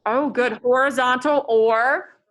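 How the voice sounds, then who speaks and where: A woman teaching a math class in a classroom, lively and joking as she tells stories to her students. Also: high-pitched, slow pace, over loud music.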